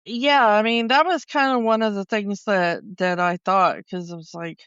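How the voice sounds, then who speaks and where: Smooth-voiced woman podcaster. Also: medium pitch, steady tone, normal speed, hardly any pauses, fairly bright tone, dry recording, lo-fi sound. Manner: chatty, recounts scenes by acting out lines. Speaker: podcast co-host. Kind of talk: casual chat.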